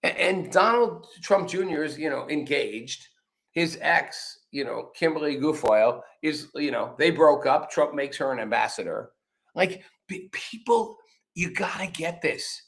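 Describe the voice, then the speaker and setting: A man's voice: fairly high pitch, animated, a little slow, vocal fry, fairly bright tone. A man hosting a political commentary show, talking casually and rambling, swearing freely and acting out quotes. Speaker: show host.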